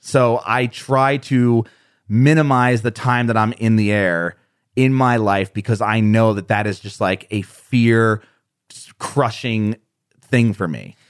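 A man's voice: lowish voice, slow pace, clear, resonant tone, no echo, clean studio sound. An American man, a podcast guest, chatting casually and telling self-deprecating stories with frequent laughter. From United States. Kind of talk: casual conversation.

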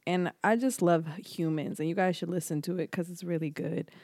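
A woman's voice: fairly low pitch, brisk, dry recording, clean studio sound. A young adult woman co-hosting a podcast, telling stories in casual chat and acting out the quoted lines. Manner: animated storyteller, acts out quotes. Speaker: podcast co-host.

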